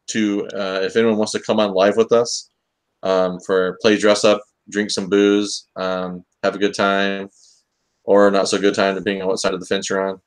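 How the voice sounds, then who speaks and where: A man hosting a casual comics talk stream, joking and rambling with lots of fillers. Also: on the low side. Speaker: host of a comics talk show. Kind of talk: casual live-stream chat.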